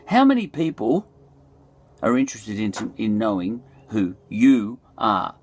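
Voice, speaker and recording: A man's voice: fairly low pitch, big pitch swings, a little slow, a little mellow, slight background noise. A middle-aged Australian man musing aloud in a loose, digressive monologue, full of fillers and restarts. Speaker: podcast host. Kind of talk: rambling reflective monologue.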